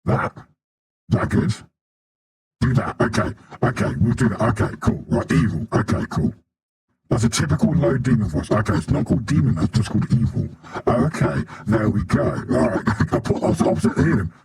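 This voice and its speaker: A British man with a deep evil-demon voice filter, testing it while chatting on a live stream. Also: moderate pace, slightly rough, exaggerated voice. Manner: testing, distracted, flat remarks.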